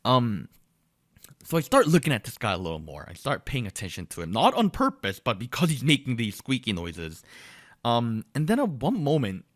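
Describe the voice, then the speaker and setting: Animated young man telling a story. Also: medium pitch, normal speed, no echo, studio quality. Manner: animated, many fillers and restarts, acts out quotes. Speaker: podcast co-host. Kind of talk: casual storytelling chat.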